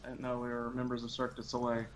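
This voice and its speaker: A man's voice: medium pitch, completely flat delivery, rapid-fire, slight background noise. A man in a casual gaming voice chat, making easygoing playful remarks into his headset mic. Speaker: gamer on voice chat.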